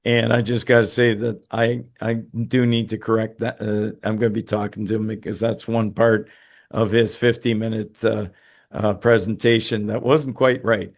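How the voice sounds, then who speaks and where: A man hosts a webinar over a video call and answers viewer questions. He sounds tired and talks haltingly, with many fillers and restarts. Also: lowish voice, flat delivery. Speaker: host. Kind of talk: webinar talk and Q&A.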